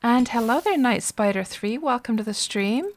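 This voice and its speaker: A woman's voice: on the high side, expressive, moderate pace. A woman streaming a game live, chatting casually with viewers and reacting to the gameplay between replies, speaking into a desk microphone. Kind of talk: casual live-stream chat while playing.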